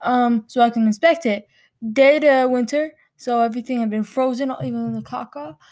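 A woman's voice: on the high side, moderate pace, a little mellow. A woman playing a rambling, silly charity founder in an improvised comedy sketch, dragging out her words.

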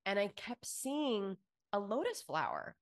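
A woman's voice: medium pitch, very animated, a little slow. Podcast co-host, woman; loose, gushing, filler-heavy casual talk with curse words. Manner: effusive, swears freely, many fillers. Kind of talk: casual chat.

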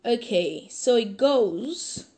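A woman's voice: on the high side, animated, very slow, mellow. A young woman hosting her own podcast, chatting casually and giggling while she reads a friend's letter aloud with feeling. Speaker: podcast host.

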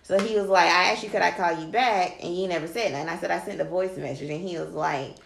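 A woman with a fairly low voice chats casually on a podcast, telling a long story with lots of quoted back-and-forth and free swearing. She sounds animated. The room is echoey, with a faint hiss behind her. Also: quick pace, creaky. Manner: animated, swears freely, quotes people in dialogue. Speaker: podcast co-host.

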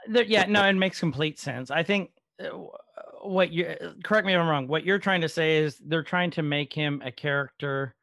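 A man co-hosting a casual TV-show podcast, talking in an animated way and laughing often. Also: on the high side, moderate pace, no room sound, clean studio sound. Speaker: podcast co-host. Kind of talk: casual chat.

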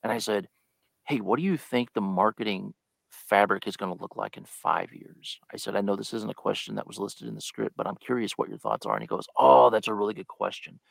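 A man's voice: on the low side, fairly quick, gravelly, no room sound. A man chatting as a guest on a live podcast, telling a story and acting out the lines he quotes. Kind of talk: casual live podcast chat.

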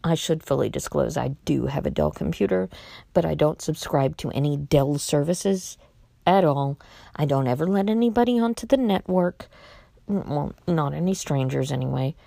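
A woman's voice: low voice, lively intonation, normal speed, gravelly, mellow, dry recording, clean studio sound. A woman talking casually to her viewers with a blunt, exasperated and outspoken manner. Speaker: vlogger warning about scams. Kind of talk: casual monologue to camera.

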